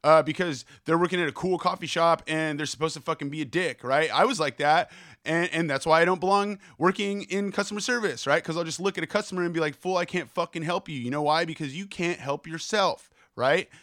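Fast-talking profane young man ranting. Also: fairly high pitch, no room sound, studio quality. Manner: profane, fast, animated rant. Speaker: podcast host. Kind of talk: ranting solo podcast monologue.

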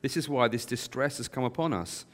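A man's voice: mid-range voice, fairly quick, a bit bright, lightly acted. A man voicing frightened brothers who plead that they are honest, read aloud from scripture. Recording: long hall reverb.

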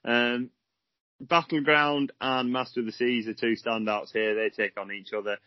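A young man co-hosting a racing podcast, chatting in a relaxed way and thinking aloud with fillers. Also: mid-range voice, moderate pace, dry recording, highs cut off. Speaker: racing tipster co-host. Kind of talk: casual racing podcast chat.

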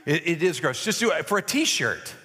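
Casual pastor in a reverberant hall. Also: male voice, fairly high pitch, very animated, moderate pace, sharp tone. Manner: casual, self-deprecating, joking with volunteers. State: voice cracking. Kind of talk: sermon with a live object lesson. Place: large hall with an audience.

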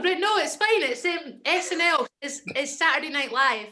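A woman's voice: on the high side, pushed and bright. A young Scottish woman, an actress and comedian, chatting as a podcast guest and telling stories with confident enthusiasm. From Scotland. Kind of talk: casual podcast chat.

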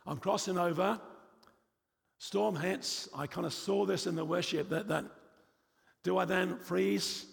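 A man's voice: high-pitched, steady tone, measured pace, gravelly, long pauses, big-room sound. A man preaching a sermon in a church, emphatic and repetitive, with frequent rhetorical questions.

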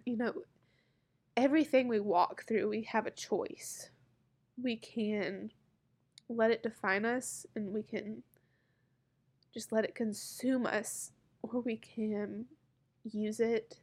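Woman vlogger in her thirties, higher register, emotional confessional delivery, heartfelt with frequent pauses. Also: darkish tone, slightly rough. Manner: halting, heartfelt, many pauses and fillers. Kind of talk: personal story told to camera.

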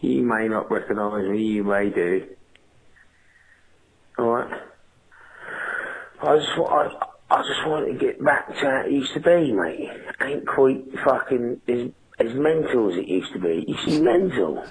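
Gravelly English man, crude caller. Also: medium pitch, unhurried, rough recording. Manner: crude, swearing, pushy. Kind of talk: phone call to a show.

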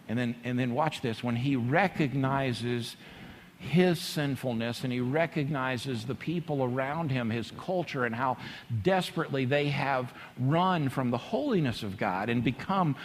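A man preaching a sermon as a pastor, swinging from hushed, intense passages to loud, excited ones. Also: mid-range voice, measured pace, slight background noise. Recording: long hall reverb.

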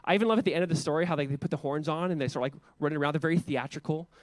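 Animated, chatty male pastor preaching. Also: on the high side, rapid-fire, dry recording. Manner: conversational, animated, lots of casual asides. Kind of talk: sermon.

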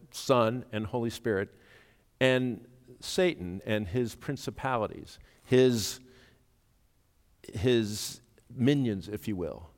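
Guy preaching a sermon, mid-pitched voice, gets loud on the big lines, lots of hall echo. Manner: earnest, builds to sudden loud emphasis when quoting. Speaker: pastor. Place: church sanctuary. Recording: reverberant church hall.

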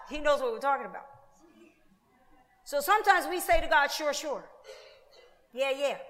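Animated high-voiced woman preaching in a hall. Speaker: pastor. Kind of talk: sermon.

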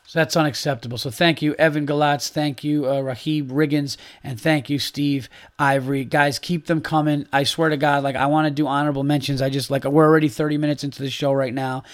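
A man's voice: on the high side, a little fast, few pauses. A man hosting his own podcast, ranting in a heated, casual way and swearing freely. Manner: animated, heated ranting with profanity. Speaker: podcast host. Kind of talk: casual solo podcast rant.

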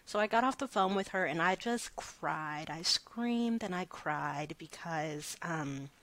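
A woman in her thirties telling a personal story in an interview, soft-spoken and hesitant with many fillers. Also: fairly low pitch, expressive, takes it slowly, no room sound. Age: 30s. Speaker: interview guest.

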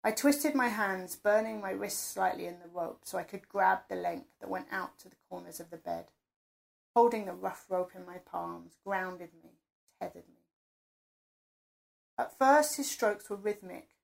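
A woman reads an intimate first-person audio story in a close, breathy manner. Her voice sits at a middle pitch with a light, gravelly fry running through it. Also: moderate pace. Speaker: narrator.

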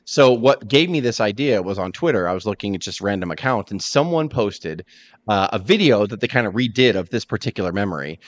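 A man's voice: on the low side, a little fast. A man hosting a podcast in casual chat, telling stories animatedly and acting out quotes. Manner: animated storyteller, acts out quotes. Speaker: podcast host.

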